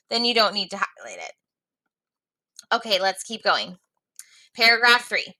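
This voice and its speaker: Bright-voiced woman teaching a reading lesson. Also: sing-song, measured pace, long pauses, rough recording. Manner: reads the story aloud with pitch jumps for the geese; friendly, addresses pupils as friends. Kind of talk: reading lesson for young students.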